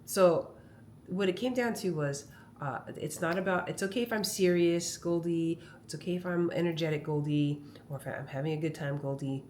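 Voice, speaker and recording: This comedian vlogger has a voice on the low side and talks at normal speed with few pauses. Recorded on a phone camera at home, her casual monologue is chatty and rambling, built on animated stories, with a faint hiss or hum.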